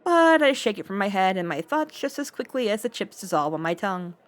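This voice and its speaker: A woman streamer reading a visual novel aloud in first person, with expressive, playful narration. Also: mid-range voice, brisk.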